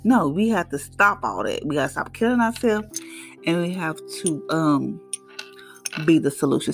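Gravelly-voiced woman giving a devotional. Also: low-pitched, lively intonation, moderate pace, faint music behind. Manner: conversational, preachy, African American Vernacular English phrasing. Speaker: devotional podcast host. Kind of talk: casual devotional talk.

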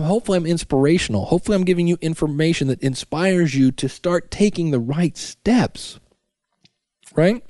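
A middle-aged man with a fairly high pitch and dark tone hosts a casual solo podcast from his home basement. He's chatty, full of restarts and asides to himself, recorded dry and studio-quality on a studio microphone.

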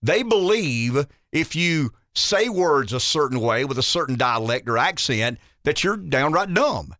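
Lively Southern-accented talk radio host man. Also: on the high side, measured pace, dry recording, clean studio sound. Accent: Southern US rural. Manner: emphatic, folksy, repeats words as he builds points. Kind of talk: opinionated talk radio commentary.

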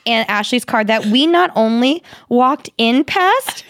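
High-voiced woman telling an animated story. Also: unhurried, clear, resonant tone, no echo, clean studio sound. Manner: animated, acts out quotes in a squealing voice. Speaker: podcast co-host. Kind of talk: casual storytelling chat.

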